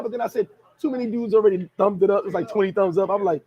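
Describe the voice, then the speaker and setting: Through lo-fi sound, a high-pitched man talks fast in a casual vlog chat. He laughs a lot, uses slang, and animatedly works through viewer comments and stories.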